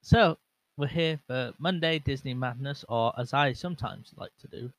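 A young man chats his way through a solo podcast, wandering off track and poking fun at himself. His voice sits at an ordinary middle pitch. It is recorded close and dry on a bare microphone with no windscreen. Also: moderate pace, a bit bright, dry recording, poor audio. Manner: rambling and self-mocking, with lots of fillers and restarts. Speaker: podcast host. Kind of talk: casual solo podcast chat. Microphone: bare microphone without windscreen, monitored on headset.

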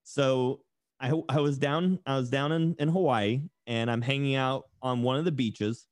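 A young man with a light Southern accent tells stories in a loose, chatty podcast style, with a dry sarcastic edge. His voice sits at an ordinary middle pitch and sounds close and dry, with no room around it. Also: fairly even intonation, normal speed, no echo. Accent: mild Southern US. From East Tennessee, USA. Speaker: podcast guest. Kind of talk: casual podcast chat.

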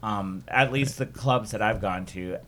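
A man's voice: fairly low pitch, unhurried, a loud crowd. A man from Canada co-hosting a casual podcast, telling stories with dry teasing remarks. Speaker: podcast co-host. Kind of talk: casual group chat.

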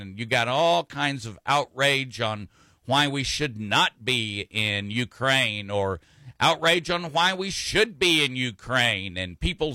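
A man's voice: medium pitch, pushed and bright, no echo. A man hosting a radio talk show, chatting in a folksy, rambling way with frequent fillers and restarts. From Texas.

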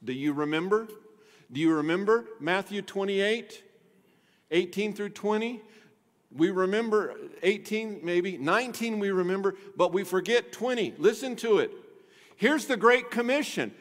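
A man delivers a sermon from the pulpit in a slightly raised voice. He dips low and quiet, then climbs to loud, emphatic repetitions, stretching key words for weight. His words ring out with a long reverb through a large sanctuary. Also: measured pace. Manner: dynamic preaching, swings from hushed low to emphatic loud; repeats phrases and drags out key words. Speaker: pastor.

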